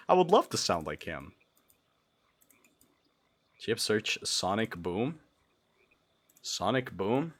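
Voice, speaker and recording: A young man from Brazil chatting on a livestream, sleep deprived, giggly and rambling, dropping to mumbles and jumping to loud yelps. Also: fairly low pitch, husky. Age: young adult. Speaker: streamer. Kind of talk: casual livestream chat.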